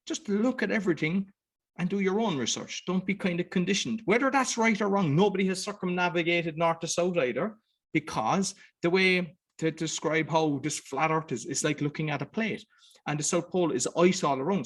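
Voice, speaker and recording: Rambling, animated man hosting a podcast. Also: fairly high pitch, breathy edge. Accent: Irish. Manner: animated, rambling, voices other people. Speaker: podcast host. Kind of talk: casual conversation.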